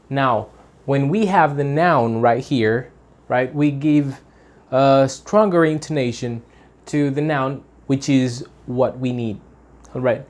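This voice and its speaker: A man's voice: mid-range voice, a little mellow. English teacher man, patient and repetitive. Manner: explains slowly, repeats example sentences, checks in with "right?". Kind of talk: online pronunciation lesson.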